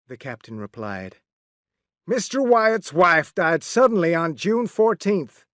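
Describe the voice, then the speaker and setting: A man reading a story aloud clearly and carefully for English learners. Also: a little high, very animated, slow pace, a bit bright, no room sound, clean studio sound. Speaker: narrator.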